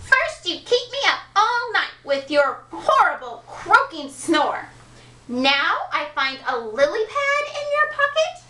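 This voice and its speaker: Lady doing a whiny nagging storybook princess, high and sharp, kinda far from the mic. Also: slight background noise, full character voice. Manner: nagging, shrill complaining. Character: nagging, fed-up young princess. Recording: echoey room from far off.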